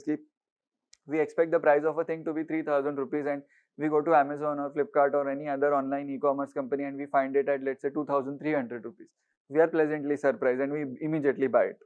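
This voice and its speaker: A man with an Indian English accent lectures on economics in a fairly high voice, acting out haggling sellers and checking in with "right?". The sound is dull and lo-fi. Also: flat delivery, quick pace, darkish tone. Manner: explains with everyday market stories, acts out haggling sellers; mixes Hindi words into English, asks "right?" often. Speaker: economics teacher. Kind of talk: online exam-prep lecture.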